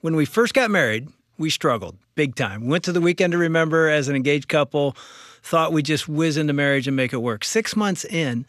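A man's voice: a little high, a little fast, fairly bright tone, no echo, studio quality. A middle-aged man, a radio co-host, telling his story bluntly and with self-deprecating humor in a candid interview.

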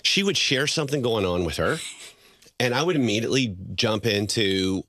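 A middle-aged man telling marriage stories in a conversational way, animated and laughing often as he acts out quotes. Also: lowish voice, fairly quick, no room sound, studio quality. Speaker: guest speaker on marriage. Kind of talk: conversational storytelling.

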